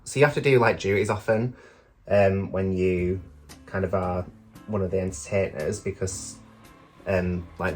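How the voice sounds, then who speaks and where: A young British man, a drag queen vlogger, telling stories casually, swearing freely and filling with lots of "like". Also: on the low side. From United Kingdom. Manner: chatty, swears freely, many fillers. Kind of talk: casual storytelling.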